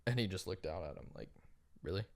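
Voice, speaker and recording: A man's voice: low voice, big pitch swings, fast talker, vocal fry, darkish tone. A man co-hosting a podcast in casual chat, telling a long story full of "like" fillers and casual swearing. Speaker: podcast co-host.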